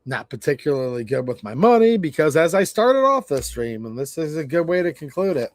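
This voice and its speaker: Brief: man in his forties, high voice, dry close sound, casual livestream rant, stammers and rambles. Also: very animated, a little fast, no echo. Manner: rambling, stammering, frustrated and blunt. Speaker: livestream host.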